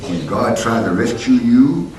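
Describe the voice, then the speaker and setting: A man preaching a sermon as pastor, swinging between loud emphatic peaks and quieter conversational asides to the congregation. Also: medium pitch, animated, unhurried. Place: church sanctuary. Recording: roomy church hall from far off, noisy.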